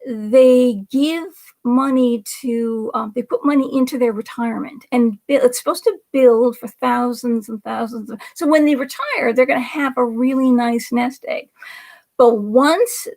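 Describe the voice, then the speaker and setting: Speaking a little slowly, a woman with a fairly high pitch and a darkish tone hosts a livestream. She rambles through political commentary with sarcasm and indignation, keeps adding asides, and whispers certain words.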